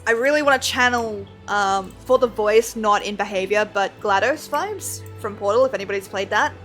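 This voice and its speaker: A woman's voice: medium pitch, normal speed, a bit bright. A woman streaming a game, chatting casually and rambling with frequent laughs, over faint background music. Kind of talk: casual chat while gaming.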